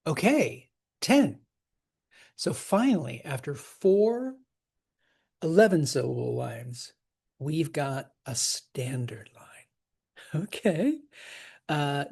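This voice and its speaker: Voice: mid-range voice, very animated, slow, vocal fry, pauses often, darkish tone, slightly rough. A teacher explaining poetic meter in a casual, enthusiastic way, laughing now and then. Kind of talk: scansion lesson.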